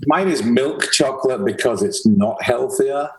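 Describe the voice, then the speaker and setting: A man's voice: mid-range voice, unhurried, darkish tone, low-quality recording. A man hosting a podcast over a video call, upbeat and chatty as he welcomes his guests. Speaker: podcast host. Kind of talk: casual video-call interview.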